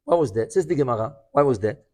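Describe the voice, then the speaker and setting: A man's voice: mid-range voice, lively intonation, fast talker, mellow. A man giving a Talmud class as a rabbi, telling the story animatedly, acting out the quoted voices and checking in with "right?".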